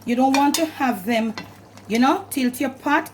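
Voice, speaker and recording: Her voice is on the high side and expressive, moving at a normal speed over a noisy background. She's a Jamaican-accented cooking-channel host giving chatty, instructive directions from her home kitchen in a casual demonstration, and she keeps saying "and all of that."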